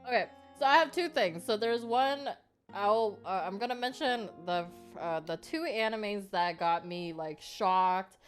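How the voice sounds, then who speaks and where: A woman's voice: medium pitch, measured pace, soft background music. A woman co-hosting a casual podcast chat, rambling with many fillers and laughing often. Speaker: podcast co-host.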